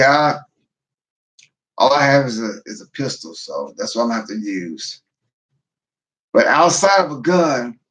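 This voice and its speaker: A man talking casually to his viewers on a livestream. He sounds tired and low on energy, and he often repeats and restarts phrases as he goes. His voice sits at a middle pitch. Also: a bit bright. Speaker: livestream host, veteran prepper.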